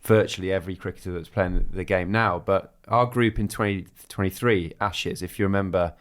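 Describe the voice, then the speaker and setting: A man from England co-hosting, chatting in a relaxed, reflective way. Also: deep voice, a little fast. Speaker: podcast co-host. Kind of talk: casual chat.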